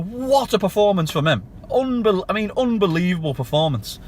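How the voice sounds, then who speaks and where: A man's voice: high-pitched, big pitch swings, moderate pace, few pauses, darkish tone. A man giving a passionate, ranting fan review of a match in clipped, punchy phrases. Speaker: football fan channel host.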